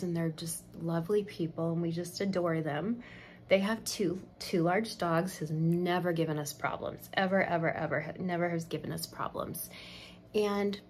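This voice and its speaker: Storytelling woman with a low voice. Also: darkish tone, slight background noise. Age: middle-aged. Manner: emotional storytelling, drops to a near whisper at tense moments. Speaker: makeup vlogger. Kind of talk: casual chat while doing makeup.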